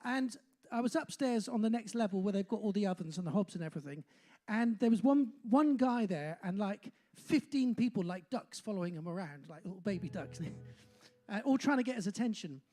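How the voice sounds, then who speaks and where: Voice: mid-range voice, animated, a little fast, dark tone. An older compere, about sixty, with a faint Bristol accent talks live from a pub stage. The delivery rambles and mocks itself, full of filler "uh"s. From Bristol, England. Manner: rambling and self-mocking, with many filler "uh"s. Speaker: compere of a live music night. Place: pub function room, on stage.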